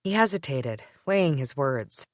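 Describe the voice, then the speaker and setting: A woman with a low voice reads a first-person audiobook, her pitch moving in a lively, expressive way. Her delivery has a sardonic edge. The recording is dry and close. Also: normal speed, no room sound. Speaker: audiobook narrator.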